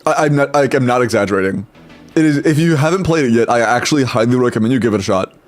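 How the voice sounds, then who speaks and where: A man's voice: mid-range voice, expressive. Casual young man streamer chatting. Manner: chatty, greets chat rapidly, swears casually. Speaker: streamer reviewing game accounts. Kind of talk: casual live stream chat.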